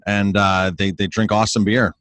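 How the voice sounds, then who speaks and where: A man's voice: on the low side, flat delivery, moderate pace, a bit bright, dry recording. Chatty enthusiastic male podcast host. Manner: enthusiastic, repeats words and phrases. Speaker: podcast host and restaurant owner. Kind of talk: casual interview chat.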